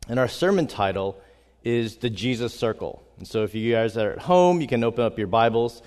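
A middle-aged man, hoarse, preaching and praying earnestly as a family pastor in a recorded sermon. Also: medium pitch, lively intonation, normal speed, a little mellow. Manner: earnest, frequent fillers, prays with repeated "God". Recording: long hall reverb.

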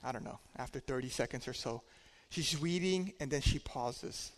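A man's voice: mid-range voice, moderate pace. Man preaching with hall reverb. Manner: conversational storytelling with dynamic loudness swings. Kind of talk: sermon.

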